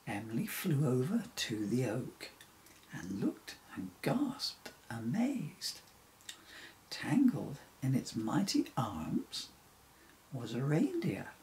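A man reading a rhyming children's story aloud, unhurried and sing-song. His voice has a gravelly grain and swings widely up and down as he tells it. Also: medium pitch, darkish tone, slight background noise, low-quality recording.

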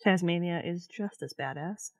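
A woman co-hosting a casual podcast, reading from her notes in a relaxed way. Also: fairly low pitch, normal speed, dry recording. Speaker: podcast co-host, researcher.

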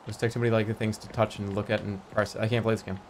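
A man giving excitable, self-mocking live commentary while playing a video game, often repeating phrases in bursts. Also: fairly low pitch, fast talker, background noise. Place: home streaming setup.

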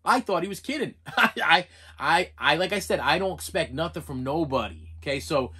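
A man's voice: a little high, lively intonation, normal speed, bright, forceful tone, breathy edge. Casting note: male vlogger, rambling casual rant, stammers and repeats himself, sincere and a bit emotional. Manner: rambling, repeats words, stumbles over names; sincere and emotional when thanking viewers. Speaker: channel host.

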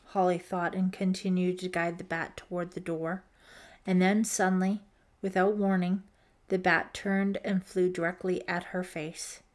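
A woman narrating a teen horror audiobook in a measured, suspenseful reading. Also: fairly low pitch. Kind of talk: scripted narration.

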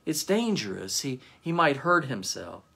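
A man's voice: mid-range voice, big pitch swings, unhurried, gravelly, pushed and bright, breathy edge, exaggerated voice. A man voicing an anxious, wealthy old magus who pleads and stammers. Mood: pleading.

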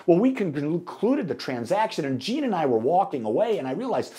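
A middle-aged American minister preaching a sermon, telling a story with animated delivery and acting out the dialogue. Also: male voice, a little high, brisk. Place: church sanctuary.

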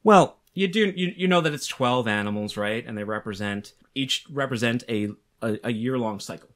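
A man's voice: mid-range voice, moderate pace. A man co-hosting a podcast in casual chat, explaining facts in a chatty, teasing way. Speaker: podcast co-host.

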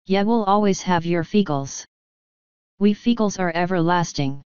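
A woman putting on a proud, blustering little fairy chief who lives for a brawl. He talks with swaggering confidence in a low voice. The recording is dry and dull. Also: unhurried, a little mellow, clean tone, no echo, close to an everyday voice. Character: boastful little fairy man, fight-loving chief.

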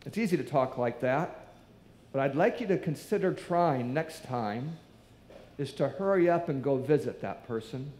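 The sermon comes from a man with a mid-range, darkish voice, speaking expressively at a moderate pace over slight background noise. Recorded in an echoey church hall, he tells a story and acts out the speech of those in it.

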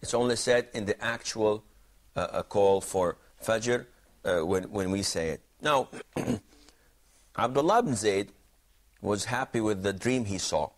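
Low-voiced man teaching a class. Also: measured pace. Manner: questioning, explanatory, repeats himself. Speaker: teacher of Islamic jurisprudence. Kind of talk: classroom lesson with questions to students.

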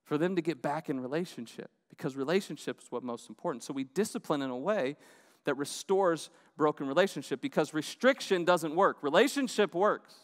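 High-voiced pastor in a reverberant church. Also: male voice, animated, fairly quick. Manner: conversational, keeps asking the crowd "right?". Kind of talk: sermon. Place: church auditorium.

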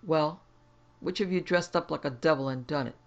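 A man voicing a gruff, suspicious small-town constable around forty who barks blunt questions in rustic grammar. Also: fairly high pitch, moderate pace, dull audio, lightly acted. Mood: gruff questioning.

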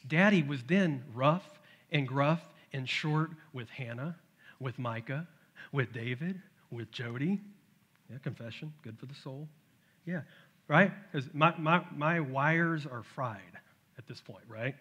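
A middle-aged man preaching a sermon, telling a family story with lively acted-out voices. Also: mid-range voice, takes it slowly, breathy edge, highs cut off. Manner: animated storytelling, acts out his toddler's shouts. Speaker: pastor. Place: church sanctuary.

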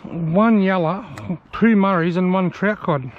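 An Australian man with a high voice, chatting enthusiastically to viewers on a riverbank as he narrates a fishing vlog. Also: slow pace, dull audio. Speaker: fishing vlogger. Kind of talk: casual outdoor vlog narration. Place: outdoors on a riverbank.

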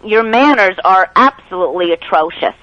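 A woman's voice: mid-range voice, lively intonation, normal speed, dry recording. Indignant woman caller on a dull line. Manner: indignant, scolding, proper. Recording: dry, dull phone audio.

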